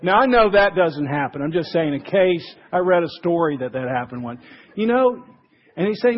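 A man with a fairly high, husky voice preaches a relaxed, conversational sermon. He slips into little acted voices when he quotes people. The recording sounds dull and lo-fi. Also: moderate pace. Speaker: pastor.

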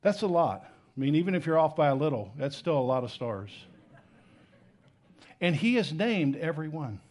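A man in his thirties preaching with real energy, his fairly high voice climbing on the big points. He drops to soft, intimate tones for the tender moments and then surges back up loudly. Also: moderate pace. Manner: animated, swings between loud emphasis and soft intimate tones. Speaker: pastor. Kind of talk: sermon.

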